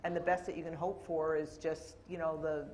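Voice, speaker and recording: A woman's voice: low-pitched, flat delivery, a little fast, a little mellow. A woman with a Canadian accent, an IT executive answering thoughtfully on a panel, with small restarts as she searches for words. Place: stage at a live panel event.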